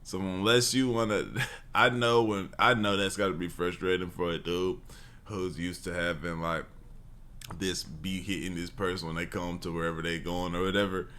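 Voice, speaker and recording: A man co-hosting a casual chat, spinning slangy what-if scenarios. His voice is low-pitched but bright and forceful. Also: level tone, moderate pace. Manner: slangy, spins hypothetical scenarios. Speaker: co-host.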